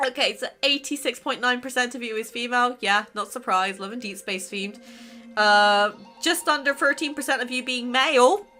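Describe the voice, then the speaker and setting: Female vlogger, bright and sharp tone, gushing and exclamatory, faint music underneath. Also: a little high, normal speed. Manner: excitable, exclaiming, laughs between remarks. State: emotional, near tears. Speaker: YouTube creator. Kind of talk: casual vlog chat reviewing channel stats.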